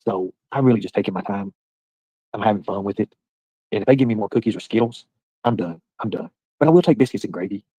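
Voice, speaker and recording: A husky, slightly low-voiced man hosts a casual livestream and rambles through profane banter with his viewers. He talks loud and loose, with a dry, close sound. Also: fast talker, no room sound, dull audio. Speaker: livestream host.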